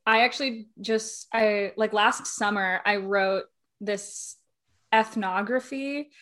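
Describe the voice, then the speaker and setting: Slow, hesitant young woman. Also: medium pitch, steady tone, a bit bright. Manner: slow, hesitant, searching for words. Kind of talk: casual podcast chat.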